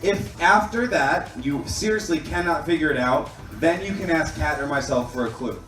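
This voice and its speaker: A man's voice: a little high, lively intonation, moderate pace, fairly bright tone, soft background music. A man acting as game host, patiently explaining the rules of a puzzle game to a group and checking that they understand. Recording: echoey room mic'd from a distance.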